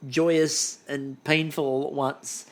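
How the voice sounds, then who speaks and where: A man co-hosting a relaxed podcast chat. He rambles from point to point with a wry, self-deprecating streak. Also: fairly high pitch, slow. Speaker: podcast co-host. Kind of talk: casual chat.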